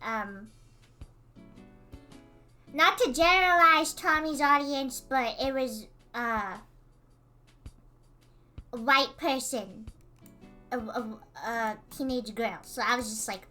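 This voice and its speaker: A woman streamer tells a story in a lively, rambling way, full of fillers and quick bursts of laughter. Her voice sits high and sounds bright and sharp. Soft music plays faintly underneath. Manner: animated, filler-heavy, laughing retelling. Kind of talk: casual storytelling.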